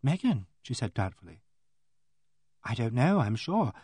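A man's voice: mid-range voice, sing-song, unhurried, darkish tone, slightly rough, no echo. A man doing a fussing, kindly young woman. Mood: doubtful. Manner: fussing, earnest chatter.

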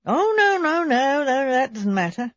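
A stout, florid middle-aged man, as a woman narrator puts him on, bluff and wheedling with a forced heartiness. Her slightly husky voice sits on a dry, dull, lo-fi recording. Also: mid-range voice, expressive, moderate pace, no room sound, natural voice. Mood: pushy.

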